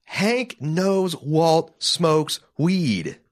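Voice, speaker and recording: Animated, profane man discussing a show. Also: very slow. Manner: animated, profane, mimics characters in high voices. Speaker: podcast co-host.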